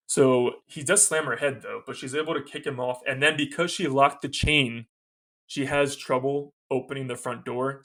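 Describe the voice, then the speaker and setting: A man's voice: medium pitch, fairly bright tone. A man co-hosting a podcast, recapping a movie scene in casual chat, quoting its lines and laughing often. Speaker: podcast co-host.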